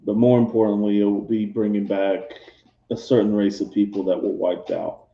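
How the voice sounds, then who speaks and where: A man playing a male squad commander who rallies and briefs his team with brisk orders. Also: fairly low pitch, flat delivery, reverberant, lo-fi sound, close to an everyday voice. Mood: briefing.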